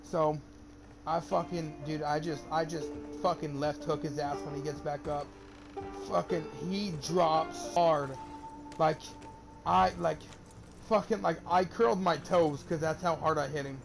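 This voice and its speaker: A man's voice: on the high side, a little slow, creaky, over music. A young man streaming a game, telling a rambling, profane story in casual chat. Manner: rambling, profane, animated when quoting. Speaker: gamer streamer. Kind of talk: casual storytelling while gaming.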